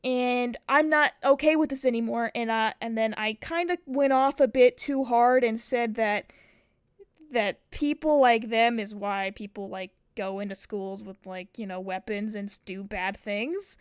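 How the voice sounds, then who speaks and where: A woman's voice: on the high side, unhurried, clean tone, no echo, clean studio sound. Profane rambling young woman streamer. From United States. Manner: profane, rambling with many fillers. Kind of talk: casual storytelling.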